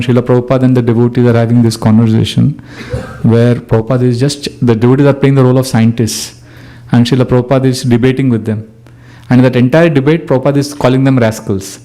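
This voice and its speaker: Animated man giving a devotional talk. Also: on the high side. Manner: animated, laughs often, acts out quotes. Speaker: spiritual teacher giving a talk. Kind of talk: devotional lecture.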